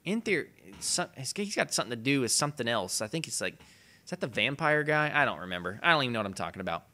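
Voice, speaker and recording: A young man with a hoarse voice from a cold, rambling and swearing casually through his video game commentary. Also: medium pitch, very animated, quick pace, sharp tone. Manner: rambling, profane, laughs at himself. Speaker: let's play host.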